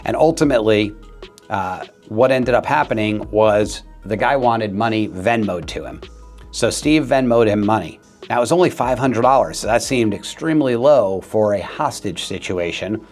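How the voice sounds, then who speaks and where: A man's voice: fairly low pitch, animated, moderate pace, soft background music. Earnest man telling a story. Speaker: real estate agent. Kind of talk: talking-head video.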